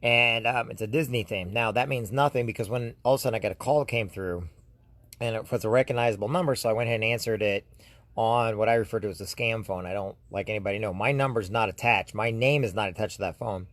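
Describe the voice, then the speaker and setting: A man's voice: fairly low pitch, fast, fairly bright tone, no echo. Rambling man talking straight to camera. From United States. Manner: rambling, with frequent restarts; talks straight to viewers. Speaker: YouTube host. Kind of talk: casual vlog monologue.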